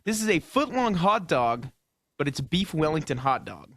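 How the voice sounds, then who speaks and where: This man co-hosts a radio sports talk show, and his fairly high voice is very animated, a little bright, and at a normal pace. The recording is dry with clean studio sound. He comes with prepared topics and asks questions carefully, hedging with "I think."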